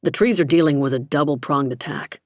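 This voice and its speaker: A woman's voice: sits low, fairly quick, dry recording, clean studio sound, natural voice. Woman voicing a chatty American biologist man. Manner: easygoing, talkative. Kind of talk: audiobook character reading.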